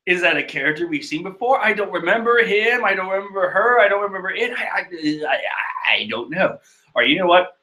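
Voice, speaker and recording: A man reading through and reviewing a comic chapter in a loose, excitable way, constantly exclaiming in disbelief and cracking jokes. His voice is bright and slightly high, and his pitch swings widely from one phrase to the next. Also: a little fast. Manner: exclaiming, incredulous, joking. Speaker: manga reader and reviewer. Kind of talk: animated casual commentary.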